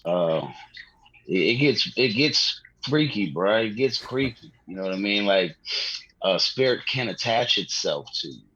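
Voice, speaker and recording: A man's voice: fairly low pitch, animated, a little slow, bright, forceful tone, muffled recording. A man, a comedian guest on a podcast, telling rambling, slangy stories with plenty of swearing and laughter. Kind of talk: casual podcast storytelling.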